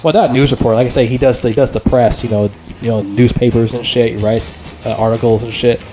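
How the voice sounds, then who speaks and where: Rambling, excitable man swearing freely. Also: mid-range voice, fairly quick, over music. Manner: rambling, profane, excitable, heavy use of filler words. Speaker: movie reviewer. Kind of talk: casual unscripted movie review.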